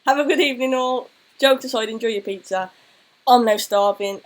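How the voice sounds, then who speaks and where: A woman's voice: fairly high pitch, fairly quick, low-quality recording. A woman co-hosting a casual football chat stream, thanking viewers and telling stories. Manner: chatty, thanks viewers, tells anecdotes. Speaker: co-host of a football chat show.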